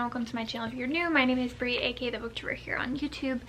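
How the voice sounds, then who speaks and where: A woman's voice: sits high, fast, hardly any pauses, a bit bright, slight background noise. A young woman chatting casually in a reading vlog, rambling and scattered, with self-mocking asides, filmed on a camera mic at home. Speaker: book vlogger.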